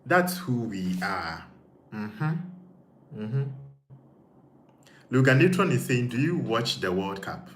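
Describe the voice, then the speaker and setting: In an echoey room with a little faint noise, a man with a Ghanaian accent hosts an easygoing live stream, going through viewer comments and thinking out loud with lots of repeats. His mid-range voice is sing-song and slow, with long pauses.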